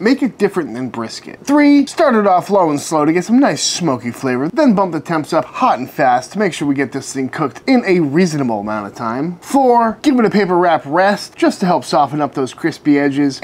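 Laid-back man teaching barbecue. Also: fairly high pitch. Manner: relaxed, upbeat, often addresses the viewers as folks; savors the food aloud while tasting. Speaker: barbecue cooking host. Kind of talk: cooking tutorial.

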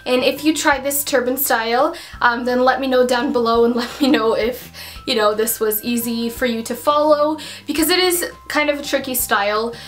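Chatty young woman, slightly high voice. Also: fairly even intonation, moderate pace, hardly any pauses, a bit bright. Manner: chatty, many fillers like um and like. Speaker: vlogger. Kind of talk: casual tutorial chat.

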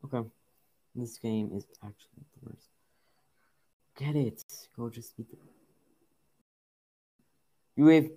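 A young man giving frustrated gameplay commentary, muttering to himself and breaking into loud exasperated outbursts. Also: fairly low pitch. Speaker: gaming video creator.

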